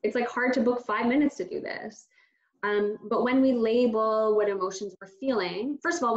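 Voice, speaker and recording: A woman therapist explaining coping skills in a brisk, upbeat way, answering her own quick questions. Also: mid-range voice, echoey room, muffled recording. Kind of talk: conversation about coping between colleagues.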